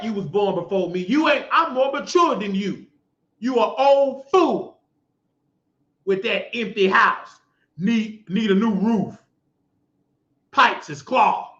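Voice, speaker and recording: Talk host, middle-aged man, preachy mocking rant, sharp high voice. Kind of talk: ranting monologue. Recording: echoey lo-fi room sound.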